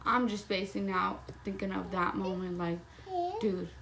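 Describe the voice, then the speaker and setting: A woman's voice: medium pitch, steady tone, unhurried, gravelly, crowd noise, low-quality recording. A young woman telling a personal story in a casual vlog, swearing freely and saying "like" constantly. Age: young adult. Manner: casual, profane, heavy use of "like". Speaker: vlogger.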